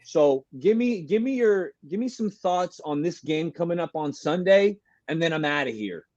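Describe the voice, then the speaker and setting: A man with a high voice hosts a casual sports call-in, all slang and excitable fan banter. The sound is dry and a bit dull, like a basic home mic with no room around it. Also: moderate pace, no echo. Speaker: call-in show host.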